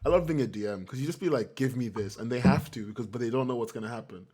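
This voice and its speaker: A man's voice: medium pitch, lively intonation, very fast, a little mellow, breathy edge. A man as game master narrating a tabletop game, amused and swearing casually.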